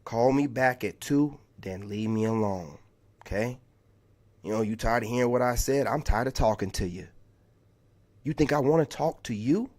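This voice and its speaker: A man's voice: medium pitch, moderate pace, a little mellow. Guy venting on his vlog, fired up and fed up, keeps saying man. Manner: heated, exasperated, repetitive storytelling with lots of "man". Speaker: content creator. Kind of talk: ranting vlog monologue.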